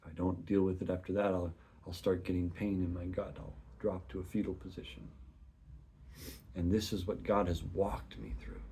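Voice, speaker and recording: A man in his thirties sharing a personal faith testimony in an earnest, searching way, often soft and hushed. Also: deep voice, flat delivery, normal speed, slight background noise. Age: 30s.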